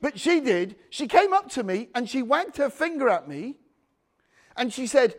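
A man's voice: extremely high pitch, sing-song, normal speed. A man preaching a sermon, telling a personal testimony with frequent restarts and calls for amen. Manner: anecdotal, restarts often, calls for amens.

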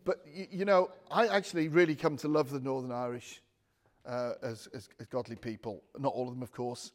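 A man's voice: mid-range voice, fairly even intonation, a little fast. A man preaching an informal sermon to a small room, chatty and digressive, with restarts and asides to his listeners. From United Kingdom. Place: room with a live audience. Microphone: speaking without a handheld mic.

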